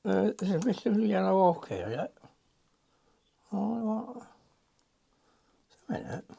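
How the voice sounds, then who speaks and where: A man's voice: high voice, very animated, takes it slowly, creaky, dark tone, breathy edge. An older man, chatting and muttering to himself as he demonstrates a watercolour painting.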